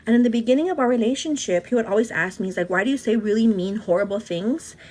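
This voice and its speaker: A woman's voice: fairly high pitch, darkish tone. Chatty woman calling everyone girl. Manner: chatty, says "girl" often, quick asides. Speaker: vlogger answering live chat. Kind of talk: casual chat while doing makeup.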